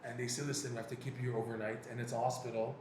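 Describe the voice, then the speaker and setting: A man's voice: medium pitch, flat delivery, racing. A man teaches a Torah class, telling stories and acting out his own prayers and dialogues with animation. His mid-range voice rings in an echoey room, with faint noise behind it. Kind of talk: personal story in a recorded class.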